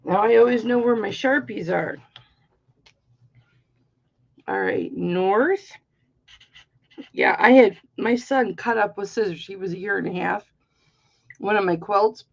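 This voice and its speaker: A woman's voice: mid-range voice, unhurried, vocal fry, dull audio. A middle-aged woman hosting a live-stream jewelry auction, chatting casually and rambling playfully through stories.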